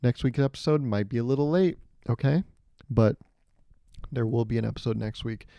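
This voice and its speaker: A young man hosting his own podcast, riffing in an animated, profane way, recorded close on a mic. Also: normal speed, creaky, dry recording. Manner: animated, profane, riffing with jumps to high pitch. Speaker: podcast host. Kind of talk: solo comedic podcast monologue.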